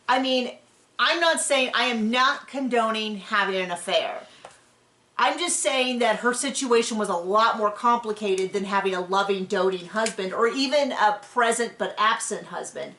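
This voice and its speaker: A woman's voice: on the high side, normal speed, sharp tone. Woman podcast host, casual and opinionated, lots of restarts, kinda echoey room. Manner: opinionated, chatty, with frequent restarts. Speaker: podcast host recapping a reality show. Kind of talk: casual chat. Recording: roomy echo.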